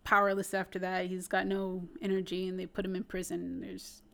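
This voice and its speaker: A woman's voice: lowish voice, monotone, brisk, vocal fry, fairly bright tone. A woman in casual chat, eagerly retelling a plot with lots of "like" and "you know". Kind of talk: casual chat, recapping a cartoon series.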